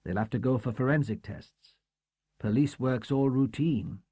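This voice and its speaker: A man's voice: mid-range voice, unhurried, dark tone, breathy edge, no room sound, clean studio sound. A man voicing a middle-aged police superintendent who speaks in a formal, businesslike and probing way. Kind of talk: audiobook character voice.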